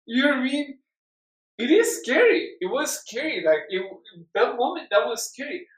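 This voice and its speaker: Animated man, high voice, roomy distant sound. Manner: animated, halting storytelling with many restarts. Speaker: co-host recounting a climb. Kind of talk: casual chat.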